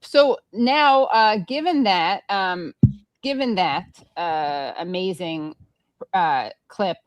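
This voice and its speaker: A woman's voice: on the low side, slow, no room sound, lo-fi sound. A woman hosting a casual political podcast, chatty and sardonic. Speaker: podcast host.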